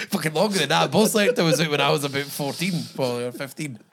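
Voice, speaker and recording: A man's voice: fairly high pitch, gravelly, fairly bright tone, slight background noise. A Scottish man in his thirties, a podcast co-host in casual chat who swears freely, jokes and laughs often.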